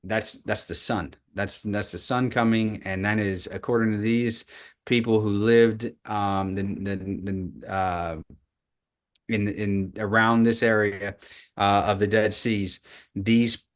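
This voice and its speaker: Halting man teaching scripture. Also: on the low side, steady tone. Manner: halting, repeats words, then reads scripture aloud with emphasis. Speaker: Torah study teacher. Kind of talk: live online Bible study lesson with slides.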